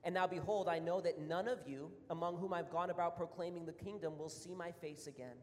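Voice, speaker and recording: A man's voice: on the high side, fairly even intonation, a little fast. An earnest male pastor delivering a sermon with a slightly raised voice. He builds to emphatic, repeated points and sounds a little out of breath. A long hall reverb trails his words, with a faint hum beneath. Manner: earnest, rising to emphatic repetition.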